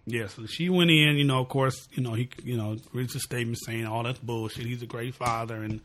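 Male podcast co-host, casual chat, relaxed and conversational, middle-pitched voice. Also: brisk, a little hiss or hum. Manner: relaxed, conversational, drops into quoted reactions.

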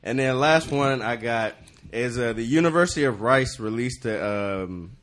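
Male podcast co-host, loose casual chat, middle pitch, halting delivery with lots of fillers. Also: lively intonation, fairly bright tone. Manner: casual, hesitant with fillers, swears freely.

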